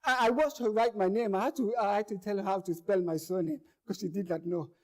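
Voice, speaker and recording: A man's voice: sits high, brisk. A man performing a first-person monologue, telling his story earnestly and repeating words as it grows tense. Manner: earnest, repeats words and phrases, grows louder as tension builds.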